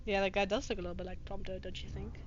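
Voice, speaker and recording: A woman's voice: medium pitch, level tone, racing, highs cut off, background noise. A woman hosting a comedic reading of fanfiction with her own commentary, speaking in a profane, sarcastic and exasperated manner. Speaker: host reading fanfiction aloud.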